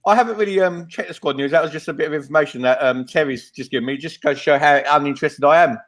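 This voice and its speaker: A man's voice: on the high side, quick pace, a bit bright. A man hosting a casual football fan podcast, laid-back and self-mocking, with many ums. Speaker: podcast host.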